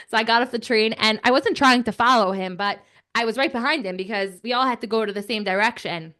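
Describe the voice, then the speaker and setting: Excitable woman telling a kids' story. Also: on the high side, quick pace. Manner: excitable, chatty, many filler words. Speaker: storyteller on a children's show. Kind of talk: animated storytelling for children.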